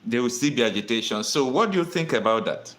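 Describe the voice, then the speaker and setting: A man's voice: mid-range voice, animated, quick pace, a bit bright. A Nigerian man hosting a call-in political talk show, earnest and repeating his points for emphasis. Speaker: host taking callers.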